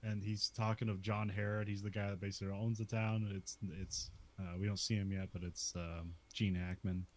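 A man's voice: fairly low pitch, flat delivery, moderate pace, hardly any pauses, darkish tone. A man casually recapping a western movie scene by scene, laughing often and filling his talk with "like". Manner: laughs often, many "like" fillers.

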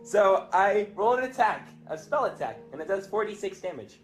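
A man's voice: high-pitched, expressive, normal speed. A young man playing a tabletop game, playful and goofy, joking with his friends. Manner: playful and goofy, jokes around. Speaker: player. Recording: echoey room with faint music.

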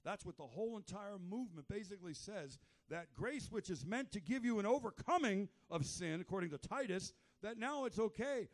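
Man, preacher, emphatic sermon, slightly high voice, loud bursts then hushed lines. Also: expressive, fairly quick, hardly any pauses. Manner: fervent, emphatic, swings between loud exhortation and quiet low asides.

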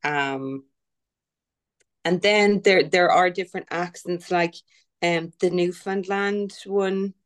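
A woman's voice: on the low side, steady tone, slow pace. An Irish woman, a guest author, chatting casually with many fillers and restarts. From Ireland. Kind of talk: casual chat.

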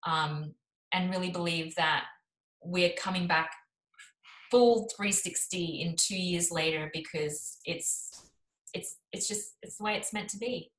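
A woman's voice: lowish voice, steady tone, measured pace, fairly bright tone, roomy sound, rough recording. A woman co-hosting a casual live chat, upbeat and chatty with many fillers. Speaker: co-host.

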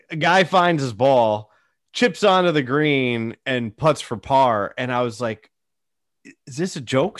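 Animated storytelling man, lively pitch. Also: no room sound, clean studio sound. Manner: animated storyteller, acts out quotes. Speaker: podcast co-host. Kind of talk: casual chat.

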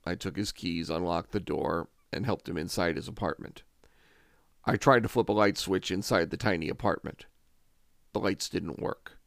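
A man's voice: low voice, vocal fry, dry recording, studio quality. A man in his forties from upstate New York, frankly narrating a true story from his own youth with wry asides. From Albany, New York. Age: 40s.

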